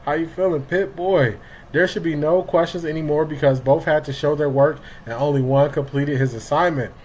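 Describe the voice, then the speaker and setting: A man's voice: on the high side, fairly even intonation, normal speed, darkish tone, a little hiss or hum, low-quality recording. Chatty middle-aged man hosting a live stream. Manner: greets chat viewers by name, loose and talkative. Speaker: livestream sports show host. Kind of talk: casual live-stream chat.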